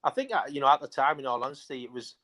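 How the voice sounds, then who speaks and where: A man's voice: medium pitch, expressive, sharp tone. A middle-aged man telling stories about his football career in a rambling, casual way, full of fillers. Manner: rambling, fast, many fillers. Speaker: interview guest, former footballer. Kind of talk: casual storytelling.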